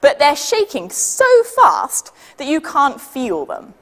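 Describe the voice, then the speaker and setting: A woman with a British accent leading a children's science demonstration, patient and lively, counting down for the audience to join in. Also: high-pitched, slow, in a large hall. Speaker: science workshop leader.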